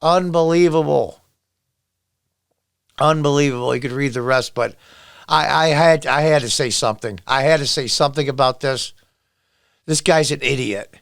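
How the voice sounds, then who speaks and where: A man's voice: mid-range voice, normal speed, creaky, a bit bright, no room sound, studio quality. A middle-aged man reading a news article aloud and breaking off into angry, sarcastic rants at the people in it. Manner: angry, sarcastic, talks back at the article he reads. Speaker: political commentary vlogger. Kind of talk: ranting commentary while reading a news article.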